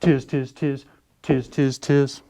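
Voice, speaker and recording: A man's voice: mid-range voice, level tone, slow, dark tone, voice pushed up. A man voicing a troop of mischievous monkeys that chatter back in mockery, in a storybook read-aloud. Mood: teasing. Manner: teasing, chattering. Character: mischievous mimicking tree monkeys.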